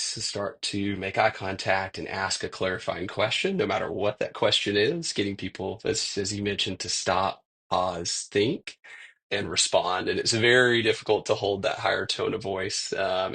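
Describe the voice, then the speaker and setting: A man's voice: on the low side, fairly bright tone. A man in his forties, a conflict expert, talking casually in an interview and chuckling now and then. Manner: gravelly, husky voice, chuckles as he talks. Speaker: conflict resolution expert guest.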